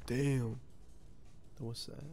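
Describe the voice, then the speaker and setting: A man's voice: medium pitch, little pitch movement, takes it slowly, heavy background noise. A man streaming a game live, chatting casually and swearing as he reacts to the action. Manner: swears and reacts loudly while playing. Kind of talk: casual live gameplay commentary.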